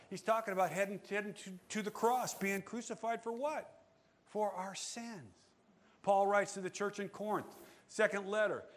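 High-voiced male pastor preaching. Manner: animated preaching with rhetorical questions to the congregation. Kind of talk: sermon.

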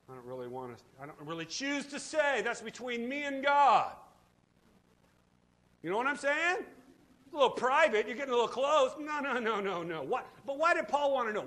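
A man preaching a sermon in a church, swinging between loud, fervent preaching and hushed asides. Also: very high voice, expressive, brisk. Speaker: pastor. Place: church sanctuary.

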